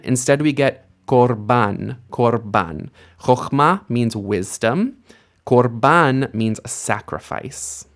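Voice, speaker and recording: Slow, patient male Hebrew teacher. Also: mid-range voice, a bit bright. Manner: patient, repeats each word slowly for the learner. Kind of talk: slow, careful language lesson.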